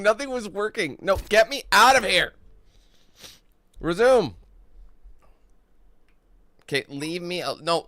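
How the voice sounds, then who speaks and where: A man giving gameplay commentary, exasperated, swearing and yelling at the game. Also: high voice, sing-song, slow, creaky, long pauses. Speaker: gaming video creator. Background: racing game engine and ambience.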